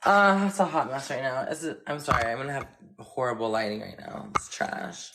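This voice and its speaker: Talking a little fast with lively intonation, this woman has an extremely low-pitched voice. She's a giggly twenty-something from Florida with a general American accent, casually chatting with live viewers from home and swearing playfully, recorded in an echoey room with loud noise.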